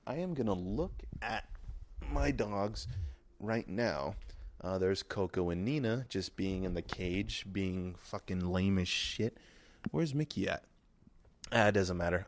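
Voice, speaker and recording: A young man hosting a solo podcast, crude and sarcastic, full of profanity, who now and then breaks into mock shouting. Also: fairly low pitch. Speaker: podcast host. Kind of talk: solo comedic podcast rant.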